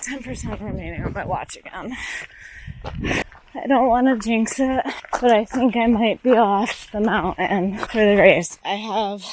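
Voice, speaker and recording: A woman vlogs on a handheld pocket camera while hiking and running a long mountain race on a foggy trail, recapping her ultramarathon in breathless commentary. Her mid-range voice is a little slow and a little mellow as she rambles, sounds tired, and swears bluntly. The audio is poor, with a little hiss or hum.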